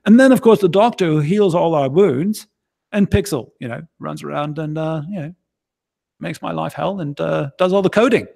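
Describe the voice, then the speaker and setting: A man chats loosely on a stream, talking in a fairly high voice with a gravelly edge of vocal fry. He rambles, jokes and teases his co-host. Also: moderate pace, dark tone. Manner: jokey, rambling, teasing co-host. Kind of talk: casual banter on a livestream.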